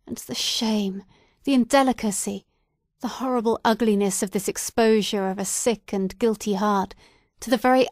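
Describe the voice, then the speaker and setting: A woman's voice: no room sound, studio quality, natural voice. A woman doing a broken, guilt-stricken clergyman. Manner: low, murmuring, then bitter.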